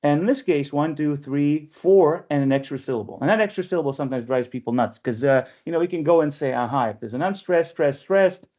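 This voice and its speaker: This workshop leader and press editor runs an online poetry session in a mellow, fairly high voice, lecturing conversationally and often checking in with listeners via "right?" When he reads verse aloud he slows right down, deliberate. The audio, from a webinar computer mic, is dull and lo-fi.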